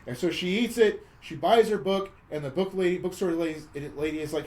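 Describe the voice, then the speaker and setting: A man's voice: high voice, a little fast, hardly any pauses, darkish tone, rough recording. A man co-hosting a podcast, casually retelling a film plot in a wry, mocking play-by-play, often stumbling and repeating words. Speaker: podcast co-host. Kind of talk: casual chat recapping a film.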